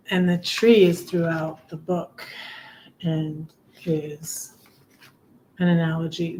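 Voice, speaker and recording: A middle-aged woman hosting a casual livestream, chatting softly and reading her own poems in a rambling, soft-spoken way. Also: on the low side, a little hiss or hum, rough recording. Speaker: livestream host.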